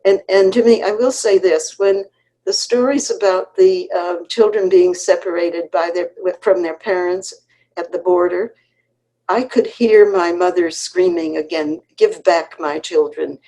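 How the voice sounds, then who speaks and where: Older woman author, 80s, low warm tone, unhurried earnest storyteller, video call. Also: rough recording. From Connecticut, USA. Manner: unhurried, frequent restarts and pauses, earnest. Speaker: author, interview guest. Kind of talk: reminiscing conversational storytelling.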